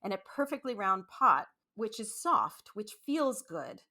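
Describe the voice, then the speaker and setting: A woman doing a young French girlfriend, murmuring close and low in a put-on French accent, dreamy and breathy, in a voice of middling pitch, sweet and a little playful in her hush. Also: big pitch swings, a little slow, heavily acted. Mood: dreamy, soft. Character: soft-spoken young French girlfriend in bed.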